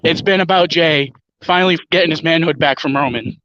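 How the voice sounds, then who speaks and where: A man's voice: on the high side, a little fast, a bit bright, highs cut off. A man joining a livestream as a guest, talking emphatically and confidently and swearing freely. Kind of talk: casual chat.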